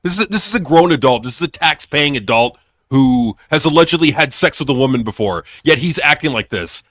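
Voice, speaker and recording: A man's voice: medium pitch, expressive, fairly quick, fairly bright tone, no room sound, studio quality. A man co-hosting a wrestling news podcast, sneering, swearing and laughing while he mocks the subjects. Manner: profane, sneering, laughs often. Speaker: podcast co-host. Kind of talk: crude casual news chat.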